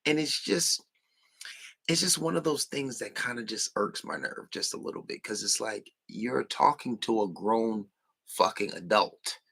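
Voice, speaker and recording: A young man hosting a podcast, talking bluntly in a casual monologue and full of profanity, mimicking people in high voices. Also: unhurried, creaky, pushed and bright. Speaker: podcast host.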